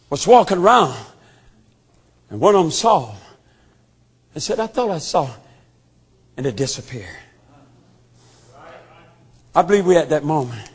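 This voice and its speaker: A man preaching a sermon with emphatic call-and-response, often shouting and then dropping low. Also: husky.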